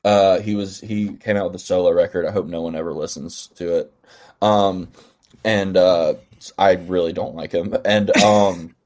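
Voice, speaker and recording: A man co-hosting a casual podcast, reading posts aloud in a deadpan way with frequent ums. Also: on the low side. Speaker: podcast co-host.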